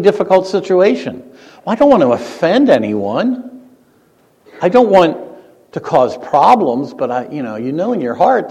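A male pastor with a mid-range voice preaches in a lively, swinging style, climbing to emphatic peaks and dropping to hushed asides. The sermon rings through a church sanctuary, a long reverb trailing every phrase.

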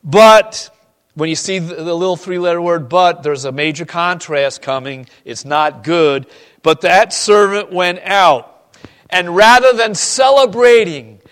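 This male pastor's voice is high-pitched, clean in tone, and a little slow. In his sermon to the congregation, he reads scripture and moves from loud emphasis to quiet, personal remarks.

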